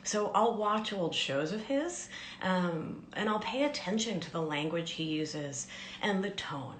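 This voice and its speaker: A woman life coach giving a gentle, soothing teaching talk on a live stream, often dropping into soft whispers. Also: on the low side, expressive, a little slow, echoey room, a little hiss or hum.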